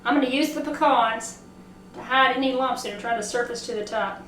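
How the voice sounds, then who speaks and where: A woman with a Southern accent hosting a casual cooking demo, chatting excitedly and talking to herself as she works. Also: a little high, a little fast, slight background noise. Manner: chatty, excitable, talks to herself while working. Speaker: cooking show host. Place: home kitchen. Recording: echoey kitchen, mic at a distance.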